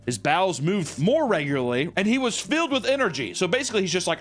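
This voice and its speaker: A man's voice: fairly high pitch, sing-song, brisk, fairly bright tone. A young man hosting a casual comedy podcast, reading stories aloud and riffing with jokes and casual swearing. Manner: jokey, laughing, swears casually, reads then riffs. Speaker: podcast host.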